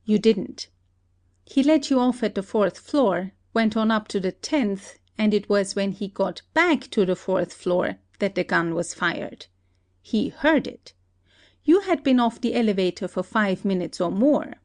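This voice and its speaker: A woman voicing a shrewd country detective who calmly lays out an accusation in a play reading. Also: mid-range voice, lightly acted. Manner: steady, deliberate accusing. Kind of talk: amateur audiobook play reading.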